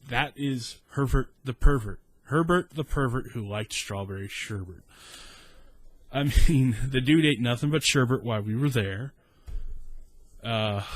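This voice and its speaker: A man in his thirties with a South Texas accent, telling a rambling, profane story in casual story time. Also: mid-range voice.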